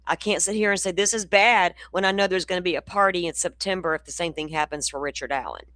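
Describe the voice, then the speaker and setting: A woman's voice: fairly low pitch, quick pace, fairly bright tone, no echo. A woman host giving blunt, profane, sarcastic commentary on clips.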